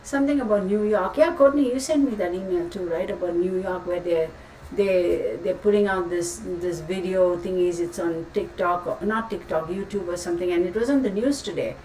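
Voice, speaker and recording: A woman's voice: fairly low pitch, normal speed, dark tone. A woman hosting a tarot live stream, chatting casually and rambling with frequent exclamations. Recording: roomy, distant mic, faint background noise.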